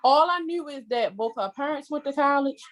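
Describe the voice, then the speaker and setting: A woman in her thirties, a mother being interviewed, telling her story in an emotional, expressive way with quoted asides. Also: sits high, fairly quick, poor audio. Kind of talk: casual conversational interview.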